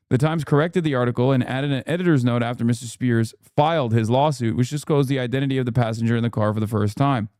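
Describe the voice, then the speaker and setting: A man in his thirties hosts a live stream, reading articles aloud at a quick clip and breaking off into exasperated, swearing commentary. His voice sits at an ordinary middle pitch. The sound is close and dry. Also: mellow, no room sound. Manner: reads text aloud fast, then breaks off into exasperated, profane asides.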